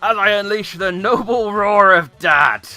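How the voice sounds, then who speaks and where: A man voicing a loud, boastful middle-aged dad with a hearty, theatrical manner. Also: measured pace, no echo, soft background music, full character voice. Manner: booming, hearty, theatrical laugh.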